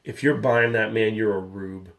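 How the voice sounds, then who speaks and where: A man's voice: on the low side, normal speed, creaky. A man in his thirties, a comic book collector hosting a casual vlog, talking candidly in a rambling way and getting riled up. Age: 30s.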